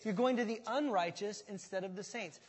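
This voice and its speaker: A man preaching a sermon as pastor, talking in a conversational, animated way and joking with his congregation. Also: high-pitched, fairly quick, slightly rough, in a large hall.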